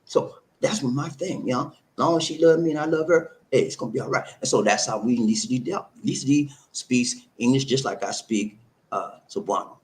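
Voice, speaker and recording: Briskly and at medium pitch, a man from abroad living in the Philippines hands out casual advice to camera, though the recording quality is low. He stresses things by repeating words and regularly asks viewers "okay?" and "huh?"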